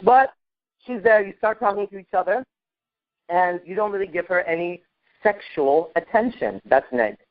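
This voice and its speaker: Man, high voice, emphatic and profane, acting out dialogue, dry dull recording. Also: expressive, moderate pace, no room sound. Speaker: podcast co-host giving dating advice. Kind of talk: animated casual advice talk.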